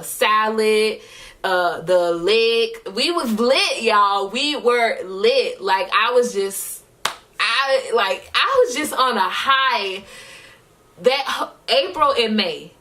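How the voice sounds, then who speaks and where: A woman's voice: medium pitch, a bit bright. A young woman vlogging about her year as a singer, heartfelt and at times tearful. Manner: emotional, tearful, heartfelt, slow-spoken. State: crying at times. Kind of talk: personal vlog talk.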